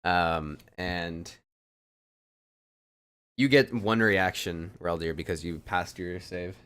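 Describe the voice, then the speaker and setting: Low, smooth-voiced male dungeon master. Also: slow, no room sound. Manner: relaxed, hesitant narration with many fillers. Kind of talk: narrating a tabletop game.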